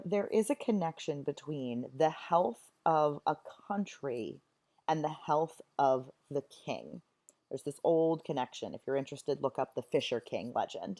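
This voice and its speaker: A woman's voice: low voice, a little mellow. A woman teacher explaining a play in a chatty, enthusiastic way. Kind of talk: recorded literature lesson.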